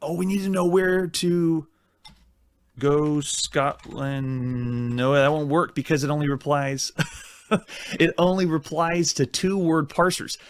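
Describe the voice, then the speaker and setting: A man's voice: a little high, fairly even intonation, slow pace. A man hosting a retro game let's-play, chatty and self-mocking as he thinks aloud while typing commands. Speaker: host.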